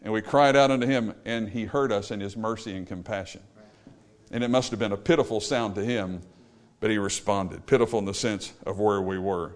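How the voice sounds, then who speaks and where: A male preacher delivering a sermon, rising to loud exclamations and dropping to quiet, low lines. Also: steady tone, fairly quick.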